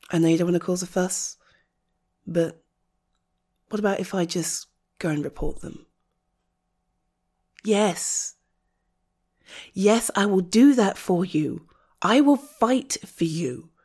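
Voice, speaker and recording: A young woman talks straight to the listener in a comfort role-play, fiercely protective and indignant on their behalf. Her voice is breathy and husky, swinging widely in pitch from outraged highs to soft, near-whispered lows. She takes her time, letting sighs of exasperation sit between the words. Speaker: audio role-play creator.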